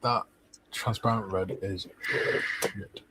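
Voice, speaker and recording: A man's voice: fairly low pitch, steady tone, slow, very noisy. A man hosting a casual hobby chat, joking and bantering as he paints. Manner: jokey, self-mocking banter. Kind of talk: casual chat while modelling.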